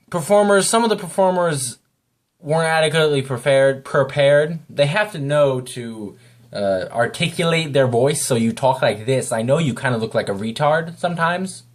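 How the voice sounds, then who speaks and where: A man giving a casual, rambling spoken review of a video, talking off the cuff. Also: medium pitch.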